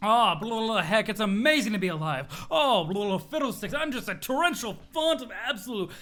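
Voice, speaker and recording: Man playing a loud, boastful muscle-bound young guy. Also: sits high, animated, brisk. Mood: giddy. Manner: bellowing, bossy, swallows his own curse words.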